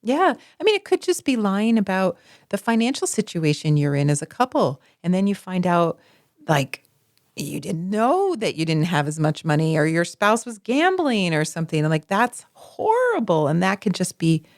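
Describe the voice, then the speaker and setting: Expressive woman podcast co-host. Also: on the low side, normal speed, no echo, studio quality. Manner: expressive, storytelling, jumps into acted quotes. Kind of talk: casual conversational podcast chat.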